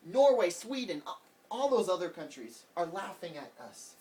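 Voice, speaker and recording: A man's voice: high-pitched, animated, brisk. A man vlogging a heated, rambling political rant, repeating himself as he talks. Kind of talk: casual political rant to camera. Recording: voice distant from the mic.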